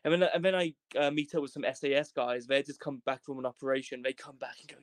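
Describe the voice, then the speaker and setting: A young man from Wales telling a comedic travel story as a podcast guest, animated, in quick bursts, swearing and acting out voices. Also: mid-range voice, no room sound. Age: young adult.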